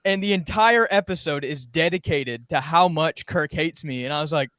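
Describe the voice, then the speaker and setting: A man's voice: fairly high pitch, normal speed, a bit bright, dry recording. A young man and former podcast intern, telling a rambling story in casual chat and acting out quoted lines.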